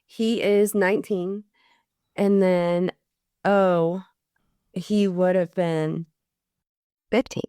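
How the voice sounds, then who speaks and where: A woman's voice: lowish voice, very slow, pauses often, clean tone, no room sound, studio quality. A woman in her forties, a bereaved mother and podcast guest, telling stories in casual chat and acting out the people she quotes. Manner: chatty, animated when quoting others.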